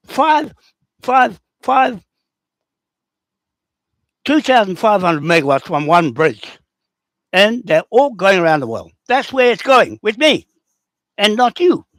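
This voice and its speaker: Rough-talking New man hosting a livestream, combative and repetitive, with a lively voice swinging high and low. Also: dry recording. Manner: rough, confrontational, repeats himself. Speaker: livestream host answering comments. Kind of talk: rambling, combative livestream talk.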